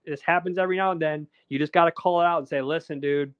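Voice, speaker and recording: Rambling man, higher voice, dry lo-fi sound. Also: fairly even intonation, fast talker, clear, resonant tone, no echo. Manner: rambling, lots of fillers and restarts. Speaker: documentary filmmaker guest. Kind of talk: casual interview chat.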